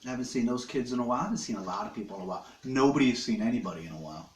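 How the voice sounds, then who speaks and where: A man's voice: medium pitch, lively intonation, rapid-fire, echoey room, a little hiss or hum. A man hosting a casual live stream from his living room, joking crudely with viewers while he eats. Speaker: livestream host. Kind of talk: rambling casual live chat.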